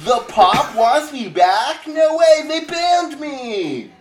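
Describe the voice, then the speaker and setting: Casting: slow, drawling young surfer dude voiced by a comedian, lively sing-song delivery. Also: high voice, a little hiss or hum, pitched above the performer's own voice, exaggerated voice. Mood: dismayed. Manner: drawling, mellow, slangy. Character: laid-back surfer dude pizza clerk, male, young. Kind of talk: improv comedy sketch.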